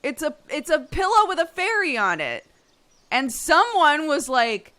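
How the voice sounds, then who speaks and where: A woman in her thirties streaming from home, her bright, forceful voice swinging widely in pitch as she tells chat a story. She sounds exasperated and animated, breaking into laughter. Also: unhurried. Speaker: streamer host.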